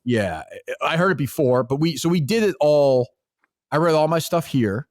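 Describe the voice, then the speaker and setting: Man, Boston accent, podcast host, rambling casual chat, lively pitch, dry close sound. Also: moderate pace, no echo. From Massachusetts. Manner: rambling, profane, many fillers.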